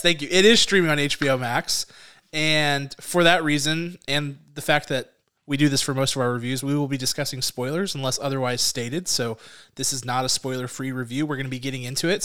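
Upbeat, smooth-voiced man hosting a film chat. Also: fairly high pitch, fairly bright tone. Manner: upbeat and chatty, laughing between phrases. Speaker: co-host of a movie review show. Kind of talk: casual film review chat.

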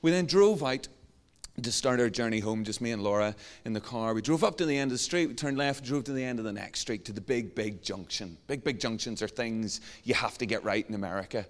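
Irish preacher telling a story in a reverberant hall. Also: male voice, mid-range voice, brisk. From Ireland. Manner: lively, self-mocking storytelling. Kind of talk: storytelling sermon.

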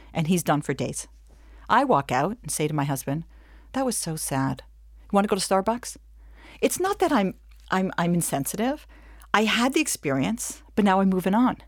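A middle-aged woman teaching a webinar, talking in a lively way and acting out little back-and-forth dialogues. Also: fairly low pitch, no echo, clean studio sound. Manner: animated, acts out little dialogues with laughs. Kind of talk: lively talk to an audience.

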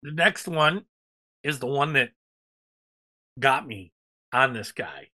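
A man's voice: mid-range voice, expressive, takes it slowly, sharp tone. A man co-hosting a casual podcast chat, rambling enthusiastically with lots of fillers. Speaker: podcast co-host.

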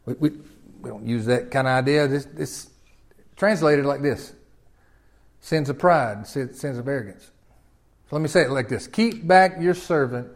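A man preaching a sermon in a folksy way, swinging from loud emphatic peaks down to quiet low lines. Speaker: pastor.

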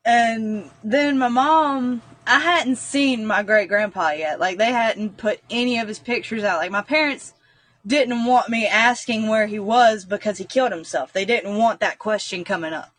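Higher-pitched woman telling a story. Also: measured pace, fairly bright tone. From North Carolina, US. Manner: earnest, rambling with frequent "like". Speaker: guest. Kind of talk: personal storytelling.

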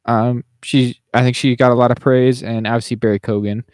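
A man's voice: mid-range voice, flat delivery, brisk, darkish tone, dry recording, studio quality. A man co-hosting a podcast in casual chat, rambling with many fillers and restarts. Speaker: podcast co-host.

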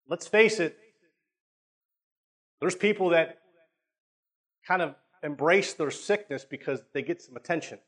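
This preacher talks to his congregation casually, regularly checking that they're with him. His voice sits a little high with a fairly bright tone, and he repeats words and slows his delivery when stressing a point.

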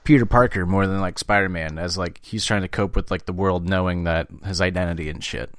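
A man's voice: deep voice, fairly quick, no room sound, studio quality. A man chatting casually and swearing freely, with lots of filler words. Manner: animated, swears a lot, fillers like "like". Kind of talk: casual chat.

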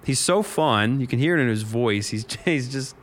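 A man co-hosting a podcast, chatting casually with an expressive, up-and-down delivery. He sounds enthusiastic and reflective, and his voice sits at a mid pitch. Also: moderate pace. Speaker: podcast co-host. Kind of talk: casual chat.

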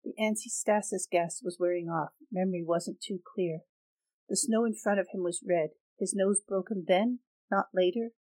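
A woman narrating a dark fantasy novel as an audiobook, in a steady, measured reading. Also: medium pitch, no echo, poor audio.

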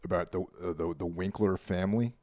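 A man with a New York accent, co-hosting a podcast in a laid-back, rambling way that trails off quietly. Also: sits low, steady tone, fairly quick, no echo, clean studio sound. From Carmel, New York. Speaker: podcast co-host. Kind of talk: casual chat.

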